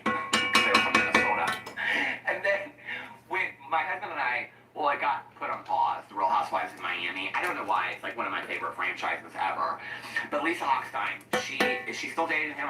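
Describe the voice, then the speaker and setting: A man's voice: lowish voice, very animated, brisk, loud music behind the voice. Chatty man rambling in an echoey kitchen. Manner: chatty, laughing often, goes off on tangents. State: tired. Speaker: commentary YouTuber. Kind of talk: rambling casual vlog chat while cooking. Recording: roomy echo, mic at a distance.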